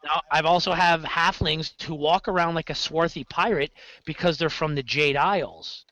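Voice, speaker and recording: This game master guest speaks at a moderate pace in a fairly high voice, chatting loosely on a podcast about the games he runs. He rambles, corrects himself, and tells stories in an animated way, captured in poor audio with no room sound.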